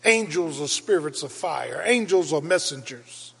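Husky preaching man in echoing church. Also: fairly high pitch, lively intonation, unhurried. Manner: preaching with dramatic rises into shouts. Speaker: pastor. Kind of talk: Easter sermon. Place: church sanctuary. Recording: reverberant church hall.

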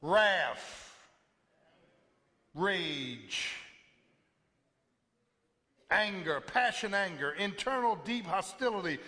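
A man preaching a live sermon in a church, animated and emphatic, drawing responses from the congregation. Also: sits high, very slow, long pauses. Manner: animated preaching, call-and-response, sudden loud bursts. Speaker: pastor. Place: church sanctuary. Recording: live sermon audio in a reverberant hall.

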